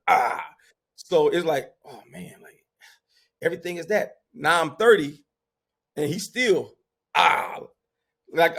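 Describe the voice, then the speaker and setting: Husky, animated storytelling man. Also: a little high. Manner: animated storyteller, shouts when quoting himself. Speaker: podcast guest. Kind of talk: casual storytelling.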